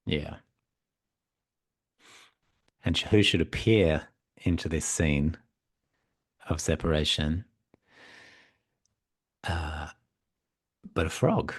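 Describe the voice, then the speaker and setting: Man, very low voice, podcast guest, storytelling, reflective, animated. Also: very slow, pauses often, husky, dry recording, clean studio sound. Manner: reflective, animated retelling with many fillers. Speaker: guest, psychotherapist and mythologist. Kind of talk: conversational storytelling.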